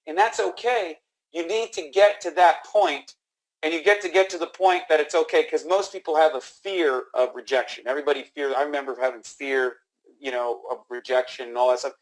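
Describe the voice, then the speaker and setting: A man giving an energetic sales training talk, acting out phone dialogue with frequent restarts. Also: a little high, low-quality recording. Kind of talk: instructional talk.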